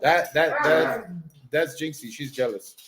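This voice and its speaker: A man talking on a live stream in a playful, chatty way, slipping into coaxing baby talk. His voice sits a little high and swings up and down a lot. The sound is roomy and echoey. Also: sing-song, a little slow, heavy background noise. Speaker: livestreamer. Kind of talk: casual live-stream chat. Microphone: streaming setup mic. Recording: roomy echo.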